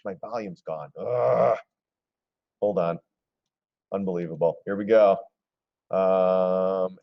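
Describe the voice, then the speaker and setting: A man hosting a casual live stream, commenting on stock charts in an excitable, gleeful way and often clearing his throat. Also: fairly low pitch, lo-fi sound. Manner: excitable, gleeful when shorts pay off, throws in mocking voices.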